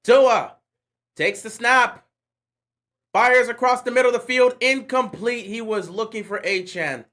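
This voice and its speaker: A man's voice: very high voice, unhurried, fairly bright tone. A man hosting a live stream, calling a football game play by play and ranting at it in slangy, exasperated bursts. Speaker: livestream host. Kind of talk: live game watch-along commentary.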